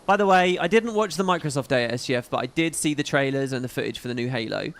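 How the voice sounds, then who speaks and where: A man's voice: medium pitch, expressive, fast talker, fairly bright tone. A man hosting a casual livestream, chatting in a rambling, profane way with frequent asides. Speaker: livestream host.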